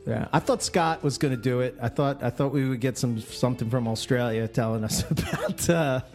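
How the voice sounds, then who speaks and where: A man's voice: mid-range voice, fairly quick, a little mellow, faint music behind. A man with a Philadelphia accent co-hosting a casual podcast, easygoing and laughing, reading out listener mail. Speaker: podcast co-host.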